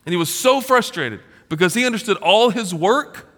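Man in his forties, pastor, conversational sermon with loud peaks and hushed dips, slightly high, ringing tone. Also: lively intonation, normal speed. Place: large church auditorium. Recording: long reverb of a large hall.

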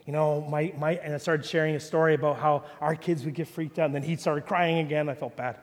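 A man preaching a sermon as pastor, animated, swinging from loud peaks to low quiet asides. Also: a little fast. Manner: animated preaching, rising to shouts then dropping low. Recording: long reverb of a large hall.

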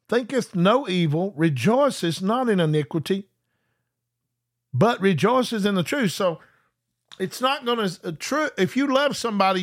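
High-voiced preacher. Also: male voice. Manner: slows down to read scripture with emphasis; repeats words and restarts mid-sentence. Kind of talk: live-streamed sermon.

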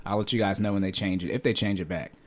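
A man's voice: lowish voice, fairly even intonation, quick pace. A young man co-hosting a podcast, chatting casually about money and fitness, loose and joking with frequent laughs. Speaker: podcast co-host. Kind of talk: casual chat.

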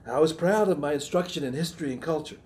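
A middle-aged man with a Southern American accent preaches a sermon earnestly and reflectively, often restarting phrases and clearing his throat. His voice is a little high and slightly mellow, and he talks at a quick pace.

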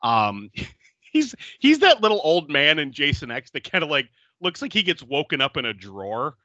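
Laughing, animated man podcast host. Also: fairly high pitch, moderate pace, no room sound. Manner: laughs often, animated and chatty. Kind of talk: casual movie recap chat.

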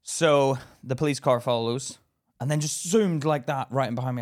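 A man co-hosting a podcast, telling rants in an animated, profane way in casual chat. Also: medium pitch, moderate pace. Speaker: podcast co-host.

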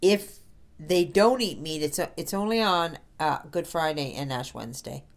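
A woman's voice: low voice, normal speed. A woman co-hosting a casual chat, speaking emphatically and firmly, with many short agreeing interjections. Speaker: podcast co-host, mother of the other host.

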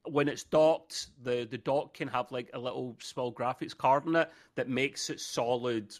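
Joking podcast co-host. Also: male voice, mid-range voice, fairly even intonation. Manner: joking, quick banter with stammered restarts. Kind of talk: casual gaming podcast chat.

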